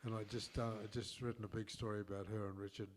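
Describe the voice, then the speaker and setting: A man's voice: lowish voice, level tone, fast, a little hiss or hum. Older Australian man spinning rambling yarns. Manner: rambling anecdotes with many restarts and chuckles. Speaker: co-host telling stories. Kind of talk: casual storytelling chat.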